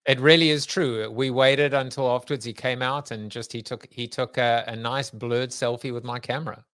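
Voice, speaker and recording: Host, man from South Africa, mid-range voice, relaxed and joking, lots of ums; dry close mic. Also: medium pitch, normal speed, clear, resonant tone, no room sound. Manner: chatty, jokey, hesitant with many fillers. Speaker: podcast host. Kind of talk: casual interview.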